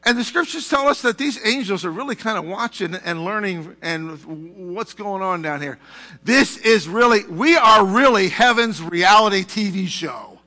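A man's voice: sits high, expressive, moderate pace, pushed and bright, in a large hall. A male pastor preaching a sermon in a church, talking conversationally with asides to the congregation. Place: church sanctuary.

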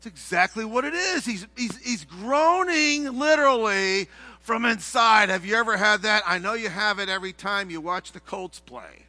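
Man, middle-aged, pastor, sermon, high voice, hushed to shouting. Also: animated, moderate pace, dry recording.

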